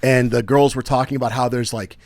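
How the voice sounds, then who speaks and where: A man's voice: mid-range voice, fairly even intonation, brisk, darkish tone, no echo. A young man co-hosting a podcast in casual banter, rambling and joking, worn out after being sick. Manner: rambling, joking, trails off with fillers. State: tired. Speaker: podcast co-host.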